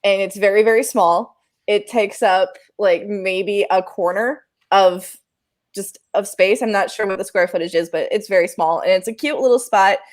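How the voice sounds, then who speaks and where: A woman who works as a live sound engineer, telling a story in casual podcast chat, animated and self-deprecating, laughing often. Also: medium pitch, normal speed.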